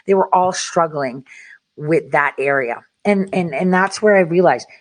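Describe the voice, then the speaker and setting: A woman's voice: fairly low pitch, unhurried, no room sound. A woman talking straight to her viewers in a blunt, profane rant, full of restarts and repeated words. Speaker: parent speaking to viewers. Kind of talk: casual monologue to viewers.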